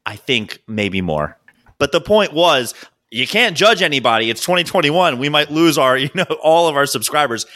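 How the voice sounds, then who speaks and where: Man, podcast co-host, casual chat, joking, lively pitch. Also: moderate pace. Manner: animated, joking storyteller.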